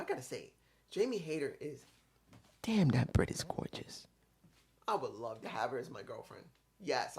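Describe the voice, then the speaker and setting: A man in his fifties giving a casual, rambling review of a wrestling show, often correcting himself mid-sentence and admitting he could be wrong. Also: on the high side.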